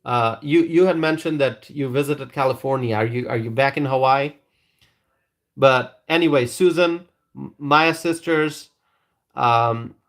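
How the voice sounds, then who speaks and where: A man hosting a live stream, chatting casually with viewers and reading their comments in a rambling, hesitant way. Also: medium pitch. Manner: rambling, hesitant, with frequent restarts.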